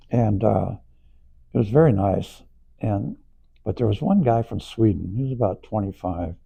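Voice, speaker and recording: An older man being interviewed, rambling through anecdotes with frequent chuckles, his voice gravelly. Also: lowish voice, mellow, low-quality recording. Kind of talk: anecdotal storytelling.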